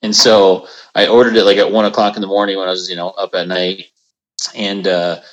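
A man's voice: deep voice, level tone, fairly quick, muffled recording. A man calling in remotely to a podcast, telling stories in an easygoing way full of fillers. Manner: easygoing, filler-heavy storytelling. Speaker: remote guest. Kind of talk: casual chat. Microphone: video call.

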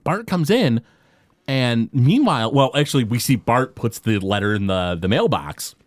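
A man co-hosting a podcast, excitedly recapping a cartoon episode with quick paraphrased quotes and frequent restarts. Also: mid-range voice, no echo. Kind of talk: casual chat.

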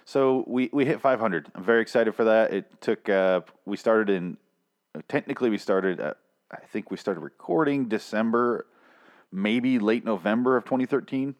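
A man's voice: lowish voice, moderate pace. A man hosting a podcast, ranting in a casual, sarcastic review full of swearing. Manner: profane, sarcastic, frustrated. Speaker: podcast host.

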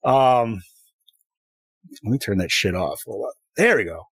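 A man's voice: fairly low pitch, lively intonation, a little slow, husky, dry recording. A man in his thirties co-hosting a casual chat, laid-back and swearing a lot. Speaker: podcast co-host. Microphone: streaming setup with ring light.

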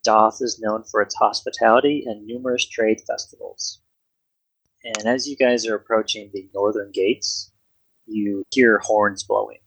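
A game master narrating a tabletop game in a relaxed, hesitant way with many pauses. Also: mid-range voice, husky, no room sound, rough recording.

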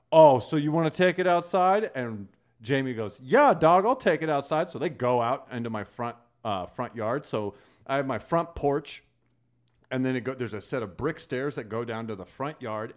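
A young man telling a long story on a podcast, swearing freely and turning loud whenever he acts out what people said. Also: fairly low pitch. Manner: profane, animated, gets loud acting out quotes. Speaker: podcast host. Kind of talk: casual storytelling.

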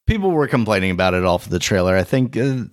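Low-voiced man in easygoing chat. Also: big pitch swings, quick pace. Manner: easygoing, explains in long run-on sentences. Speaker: podcast co-host. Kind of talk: casual chat.

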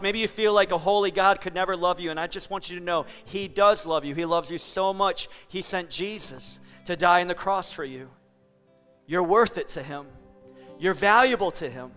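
A man's voice: high voice, a bit bright, long reverb tail. A man preaching a sermon as pastor in an earnest, conversational and emphatic way.

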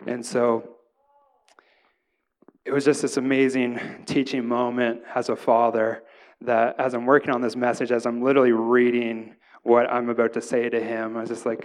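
A male pastor, around his thirties, delivers a sermon in an easygoing, chatty way, with personal stories from home. His voice sits at an ordinary mid pitch, and he keeps checking in with the room as he goes. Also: little pitch movement, moderate pace. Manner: casual, conversational preaching with frequent "right?" asides.

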